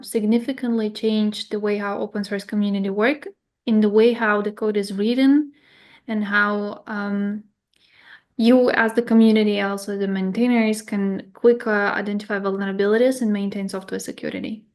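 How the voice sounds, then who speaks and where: A woman hosting a podcast interview, asking questions in careful, hesitant phrasing with fillers. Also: medium pitch.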